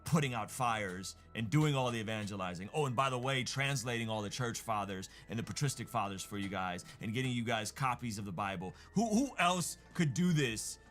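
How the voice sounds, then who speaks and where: A man's voice: mid-range voice, animated, a little fast, hardly any pauses, a bit bright, soft background music. A man giving sarcastic, mock-praising online video commentary.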